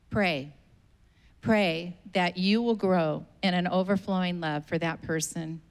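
A woman's voice: fairly low pitch, steady tone, measured pace, clear, resonant tone. A woman pastor preaching a sermon, stressing her points by repeating them. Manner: emphatic, repeats exhortations.

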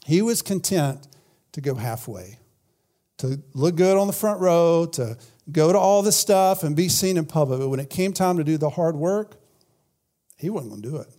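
A man's voice: on the high side, animated, normal speed, warm tone. A man preaching a sermon in a conversational way, often repeating words and saying "man". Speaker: pastor.

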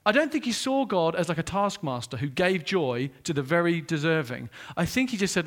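Male preacher, high lively voice, dramatic shifts between soft quotes and loud exclaims. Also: fairly quick, hardly any pauses. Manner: animated, swinging from hushed quoted asides to loud exclaiming. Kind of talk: sermon.

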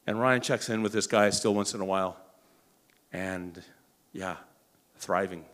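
A man preaching a sermon, telling a story in an animated way and often restarting or repeating words. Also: low voice, a little slow, long pauses. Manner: animated, acts out quoted dialogue.

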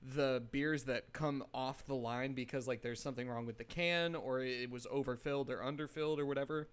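A young man co-hosting a casual podcast chat, relaxed, laughing and swearing often. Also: mid-range voice, brisk, clean tone. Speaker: podcast co-host.

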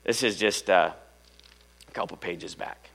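A middle-aged male pastor preaching a sermon in church, firing off rhetorical questions and swinging from loud to hushed. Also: low-pitched, unhurried.

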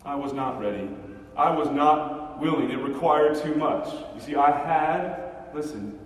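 A man preaching a dramatic first-person sermon monologue, impassioned, swinging between hushed and loud. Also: fairly high pitch, unhurried. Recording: echoey hall, mic far off.

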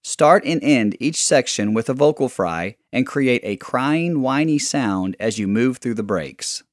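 A man calmly narrating vocal exercises as a coach, giving clear step-by-step directions. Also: mid-range voice, a little slow, no echo. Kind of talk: instructional narration.

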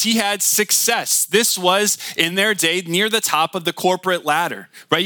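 A man's voice: high-pitched, pushed and bright, no room sound. A man in his thirties preaching a conversational sermon, often asking the listeners questions. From Michigan. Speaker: pastor.

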